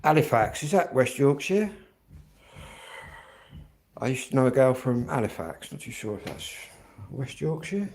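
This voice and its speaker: A man's voice: medium pitch, animated, moderate pace, long pauses, a little mellow, a little hiss or hum. A middle-aged man from Kent, rambling casually to viewers on a livestream with plenty of fillers. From Kent, England. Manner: chatty and rambling, many fillers. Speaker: livestream host.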